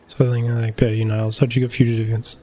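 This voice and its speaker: A man's voice: mid-range voice, level tone, fast, dark tone. A young man in his twenties, chatting offhandedly and joking while playing a game. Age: 20s. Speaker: gameplay streamer. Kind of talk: casual commentary over gameplay.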